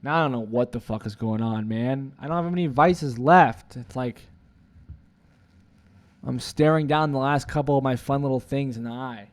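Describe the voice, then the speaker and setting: A man's voice: mid-range voice, normal speed. A young man in his twenties, rambling through a profane, confessional vlog monologue full of "like" fillers. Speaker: vlogger.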